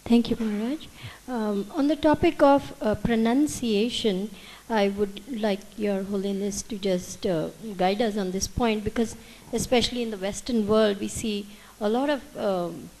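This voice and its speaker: A woman from the audience puts a question to a teacher. She speaks politely and hesitantly, pausing on fillers as she goes. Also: mid-range voice, warm tone, poor audio. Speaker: audience member asking a question.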